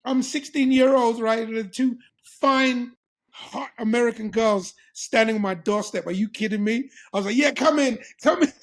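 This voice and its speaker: With an extremely high pitch and steady, moderate delivery, a middle-aged English guest recounts a story in an informal interview. He laughs a lot and mimics the voices of those involved.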